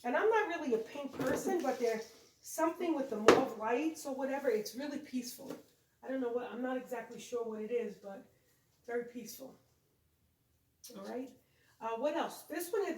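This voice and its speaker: Her voice here is a little high and darkish, lively in intonation and fairly quick, with some hiss or hum underneath. As a home decorating co-host, she chats and rambles about her holiday decorations beside the tree, self-correcting along the way, recorded from afar in an echoey room.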